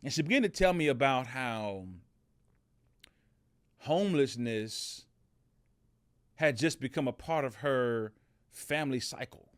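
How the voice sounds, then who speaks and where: A man's voice: mid-range voice, lively intonation, measured pace, pauses often, clear, resonant tone, dry recording, clean studio sound. A middle-aged man hosting a motivational podcast, telling a story in a casual way with many fillers and restarts. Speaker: podcast host.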